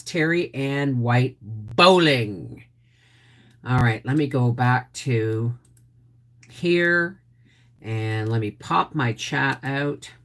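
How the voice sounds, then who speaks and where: A woman's voice: low voice, a bit bright. An older woman hosting a casual livestream, chatting and greeting viewers by name. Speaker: homestead channel host.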